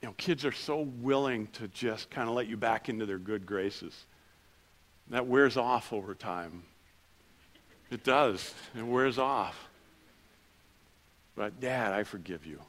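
A middle-aged man preaching a sermon in church, telling personal stories with self-deprecating humor and dropping soft and low for quiet moments. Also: slow pace, long pauses. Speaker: pastor.

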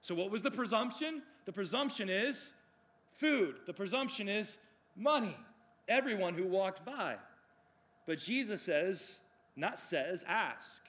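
A man preaching a sermon, moving between loud declarations and hushed, drawn-out phrases. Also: sits high, lively intonation.

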